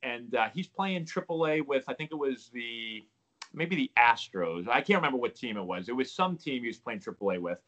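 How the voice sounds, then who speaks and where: A man's voice: mid-range voice, fairly quick, lo-fi sound. A man in his thirties, a former pro ballplayer, telling stories casually and acting out the dialogue. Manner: animated storyteller acting out quoted dialogue. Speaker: guest, former pro baseball player. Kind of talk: casual storytelling interview.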